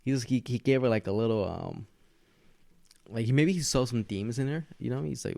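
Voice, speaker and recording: A man's voice: medium pitch, brisk, gravelly, warm tone, no echo. A young man hosting a podcast, telling a story in rambling casual chat, laughing often and swearing. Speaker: podcast host.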